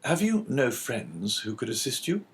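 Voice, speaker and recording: A man voicing a calm, measured Englishman. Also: mid-range voice, voice pushed up. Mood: probing. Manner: measured, quietly probing. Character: calm, composed English stranger, middle-aged man. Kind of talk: audiobook character reading.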